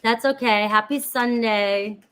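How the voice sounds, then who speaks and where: A woman's voice: a little high, fairly even intonation, unhurried, fairly bright tone, smooth, rough recording. A woman chatting casually with viewers while giving a tarot reading, calling out each sign and greeting people by name. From Florida, USA. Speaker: tarot reader.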